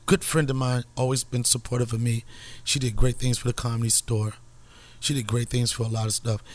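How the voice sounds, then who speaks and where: A middle-aged man, the podcast host, telling a story in casual, profane, animated chat and laughing often. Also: medium pitch.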